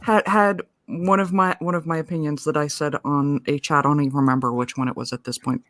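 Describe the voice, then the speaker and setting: A woman guest in a casual livestream chat, opinionated and quick to laugh, often restarting her words. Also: low-pitched, steady tone, a bit bright, dry recording.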